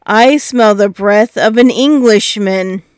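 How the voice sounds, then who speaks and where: A woman's voice: takes it slowly, smooth, no echo, clean studio sound, lightly acted. A woman voicing a huge, fearsome male giant in a storybook reading, bellowing in a terrible voice. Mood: menacing. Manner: booming, bellowing commands.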